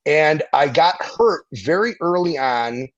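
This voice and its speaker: A middle-aged man, a veteran and former firefighter, telling stories in a casual interview, animated and profane, acting out the people he quotes. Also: a little high, takes it slowly, dull audio.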